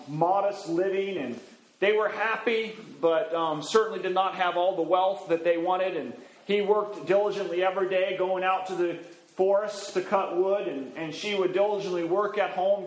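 Folksy pastor preaching in an echoey church. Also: male voice, high-pitched. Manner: folksy storyteller acting out characters. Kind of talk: sermon storytelling.

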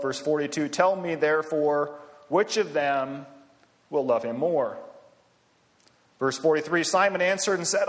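A man delivers a sermon in a relaxed, conversational manner and breaks off now and then for asides and a soft chuckle. His voice sits a little high for a man. The sound carries a long reverb, as if he is preaching in a large hall.

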